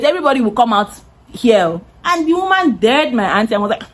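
A young woman telling a lively storytime vlog, acting out the voices of the people in it. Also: a little high, a little fast, low-quality recording. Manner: animated, acts out quoted voices. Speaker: content creator.

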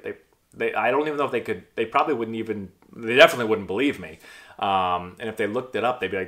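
Man, 30s, ex-ballplayer turned coach; low-ish voice, quick rambling vlog chatter full of fillers. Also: fairly bright tone. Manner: rambling, with many fillers and restarts. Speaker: former pro baseball player and coach. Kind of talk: casual vlog talk to camera.

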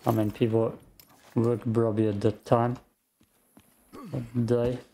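Male game streamer, gravelly and unhurried, relaxed play-by-play. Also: mid-range voice, a little hiss or hum. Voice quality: gravelly morning voice. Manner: slow, calm, thinks out loud. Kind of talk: casual gameplay commentary.

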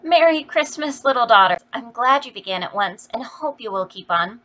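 A woman reading the lines of a gentle, caring mother of four daughters, with a warm and earnest appeal. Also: mid-range voice, normal speed. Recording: dull lo-fi recording.

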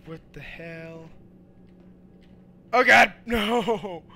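A young man giving loud, goofy commentary while playing a video game, with sudden shouted outbursts. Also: high-pitched, drawn-out words, vocal fry, heavy background noise. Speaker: let's play gamer. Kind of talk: energetic gameplay commentary.

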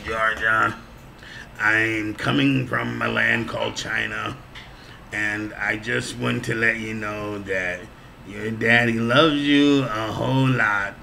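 A man voicing a deep, solemn visitor from far away who recites greetings slowly. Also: fairly even intonation, gravelly, bright, forceful tone, slight background noise, exaggerated voice. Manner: low solemn listing. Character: deep-voiced faraway visitor, solemn and kind.

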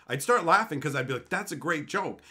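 A male streamer talks through chat questions in a loose, profane rant. His voice sits somewhat high and bright, jumping all over in pitch as he laughs and swears between points. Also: brisk. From Canada. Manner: loud, animated, frequent swearing and laughing.

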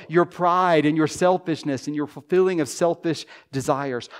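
A male pastor preaching an impassioned sermon in a church, voicing pleading prayers. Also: a little high. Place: church sanctuary.

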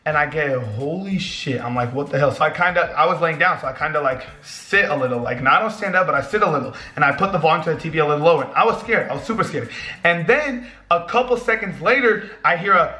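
A young man vlogging, telling a scary story in an animated, excitable way, swearing and acting out his own shouts. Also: on the high side, quick pace, roomy sound.

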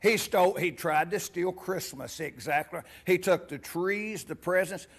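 A man's voice: high voice, unhurried, slightly rough. A man serving as pastor gives a playful children's sermon in a church. He asks the kids many questions and reads a storybook aloud. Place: church sanctuary.

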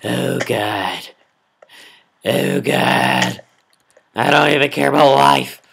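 Melodramatic raging gamer with a gravelly voice. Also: medium pitch, very animated, slow, long pauses. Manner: melodramatic, yells and groans at failures. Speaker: Minecraft gameplay commentator. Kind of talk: raging let's-play commentary.

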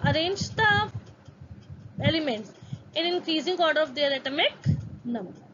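Indian woman chemistry teacher, high voice, lecture style, dull lo-fi audio with steady noise behind. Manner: switches between English and Hindi, explains step by step. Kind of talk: classroom lecture.

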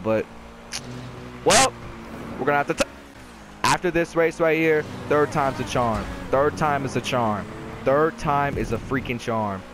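A young man giving casual commentary while playing a racing game, yelling when hyped and muttering when losing. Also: mid-range voice, rough recording. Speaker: gaming YouTuber. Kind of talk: live gameplay commentary. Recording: game audio noise behind voice.

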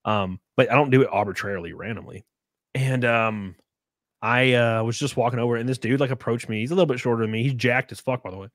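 A man's voice: medium pitch, quick pace, no echo, studio quality. A man hosting a podcast, telling stories in a rambling, profane way full of fillers and restarts. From US South. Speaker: podcast host. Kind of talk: casual chat.

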